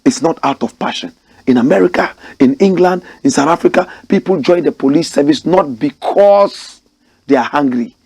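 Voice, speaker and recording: A man's voice: fairly high pitch, expressive, moderate pace, a little mellow, husky, no room sound. A man from Ghana, telling a story and preaching opinions directly to his listeners. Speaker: commentator and host. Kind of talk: passionate storytelling commentary.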